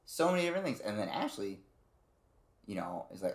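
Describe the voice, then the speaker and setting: A man's voice: on the low side, big pitch swings, brisk, pauses often, reverberant. A man giving a casual, rambling game review, swearing freely and acting out character lines. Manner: rambling, profane, acts out character lines in quotes.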